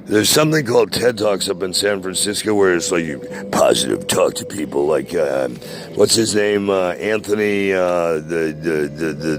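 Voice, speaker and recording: A man in his sixties ranting casually to a friend, profane and boastful, rambling with many hesitations. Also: low voice. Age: 60s.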